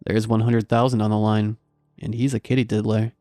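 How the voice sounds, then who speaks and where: Horror story figure: blunt, curt female assassin, dark dry tone, read by a man. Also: on the low side, flat delivery, fairly quick, no echo, close to an everyday voice. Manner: curt and hard-bitten. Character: tough, blunt female hitwoman.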